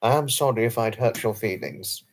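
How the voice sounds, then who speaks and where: A man's voice: medium pitch, moderate pace. A man hosting a late-night live stream and answering viewers' chat messages. He talks in an effusive, formal and earnest way, often repeating himself and apologizing. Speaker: livestream host.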